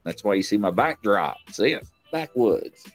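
A man's voice: lowish voice, big pitch swings, normal speed, soft background music. A man hosting a live online talk show, chatting casually in a rambling, joking, self-mocking way. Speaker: livestream talk show host. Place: home stream set.

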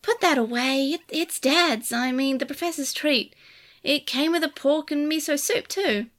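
Woman doing a brisk cheerful petite young woman. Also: high-pitched, fairly bright tone, voice pushed up. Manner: brisk, beaming.

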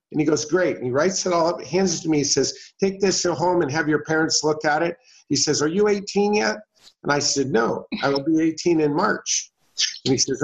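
A middle-aged man telling a personal story as an interview guest, folksy and anecdotal, acting out the people in it. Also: a little high. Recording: dull lo-fi sound.

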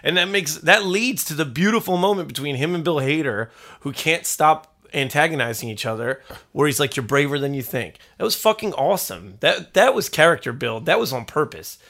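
A man co-hosting a podcast, chatting casually about a movie, excited and profane, rambling with restarts. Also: on the high side, brisk. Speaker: podcast co-host. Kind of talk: casual movie-review chat.

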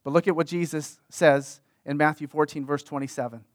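A man's voice: on the high side, steady tone, a little fast, no echo, clean studio sound. A man preaching a sermon in a conversational way, repeating key phrases for emphasis. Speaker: pastor.

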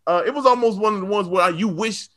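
Male storyteller, 30s; high, bright voice, animated and laughing. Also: quick pace. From South Side of Chicago. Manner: animated, laughing often, slangy asides to the audience. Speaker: storyteller on a comedy show. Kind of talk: comic storytelling.

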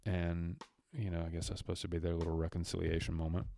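Over slight background noise, a man speaks quickly in a low, creaky, warm voice with flat delivery. As a podcast co-host, he casually recaps a movie and acts out characters' lines, rambling and restarting a lot.

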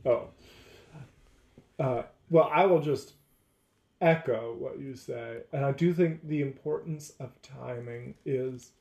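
A man who teaches, talking through faith and relationships in a measured, deliberate way. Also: medium pitch, creaky, darkish tone, roomy sound. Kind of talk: casual faith discussion.

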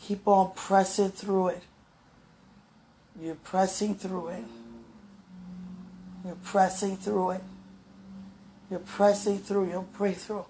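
Woman spiritual vlogger, gravelly and a bit hoarse, fervent, affectionate, self-recorded at home. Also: medium pitch, little pitch movement, slow, pauses often, mellow, a little hiss or hum. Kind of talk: spontaneous prayer and encouragement talk.

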